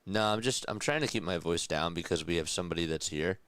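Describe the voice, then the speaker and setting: A young man doing quiet radio-style play-by-play, keeping his voice down and chatting calmly between pitches. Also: fast talker, clean tone, dry recording. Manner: calm, hushed, keeping voice down; reads chat messages aloud between pitches. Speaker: play-by-play host.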